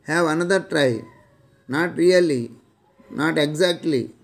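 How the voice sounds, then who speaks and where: Slow gravelly Indian English teacher. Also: male voice, on the high side. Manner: slow, deliberate phrase-by-phrase reading with repeats. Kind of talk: reading out classroom phrases.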